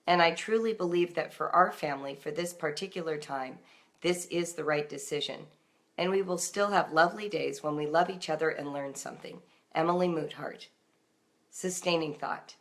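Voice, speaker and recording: A woman reading her homeschooling encouragement aloud, then chatting casually with her live audience, gentle and reflective, in her morning voice. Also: deep voice, moderate pace. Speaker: homeschool writer reading her daily book on a live stream.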